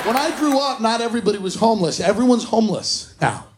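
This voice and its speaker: A man's voice: sits high, big pitch swings, fast, over a noisy crowd, heavy background noise. A man doing a stand-up set on a comedy club stage, delivering dry, exasperated punchlines.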